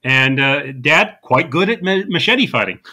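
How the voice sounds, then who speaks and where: A man co-hosting a podcast, casually recapping a comedy film, laughing often and quoting lines in a deadpan. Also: on the high side, measured pace. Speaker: podcast co-host. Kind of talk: casual movie-recap chat.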